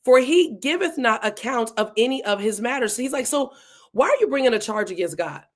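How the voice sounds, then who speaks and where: A woman teaching a verse-by-verse Bible study in a casual, animated way, acting out the lines of the people in the passage. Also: on the high side, brisk. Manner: casual, animated, acts out dialogue between speakers.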